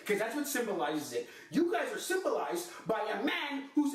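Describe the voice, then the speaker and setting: Brisk and sing-song with few pauses, a man hosting a sports podcast delivers a fiery, theatrical comic rant. He shifts between low growls and high outbursts, and the audio is echoey, with him well away from the microphone.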